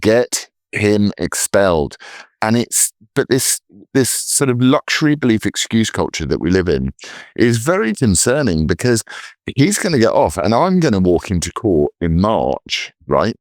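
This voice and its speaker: Brief: male co-host, low and lively voice, indignant, long run-on stretches. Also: normal speed, no echo. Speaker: podcast co-host. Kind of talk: casual political chat.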